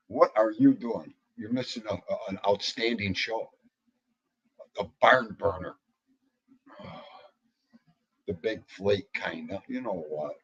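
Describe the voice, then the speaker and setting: Male livestream host, husky, lively, slightly dull lo-fi sound. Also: on the low side. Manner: animated, jokey, greets chatters by name. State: out of breath. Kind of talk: casual livestream chat.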